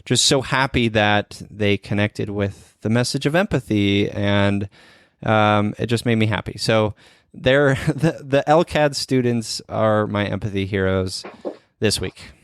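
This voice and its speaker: A man hosting a podcast interview, talking in an earnest, gentle way with many pauses and ums. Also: fairly low pitch, smooth, dry recording, studio quality. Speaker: podcast host. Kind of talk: casual interview chat.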